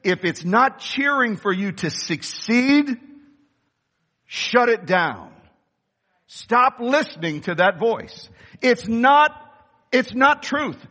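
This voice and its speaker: A man preaching a sermon with impassioned delivery, rising to shouts at the high points. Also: big pitch swings, takes it slowly, pauses often. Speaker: pastor. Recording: long reverb of a large hall.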